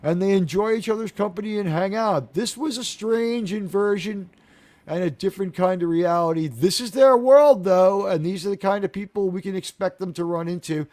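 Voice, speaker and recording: A man's voice: high-pitched, normal speed, dry recording. A man hosting a casual live chat about a TV episode, recapping scenes and acting out lines in funny voices. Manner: animated, acts out quotes in funny voices. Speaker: host of a TV review discussion.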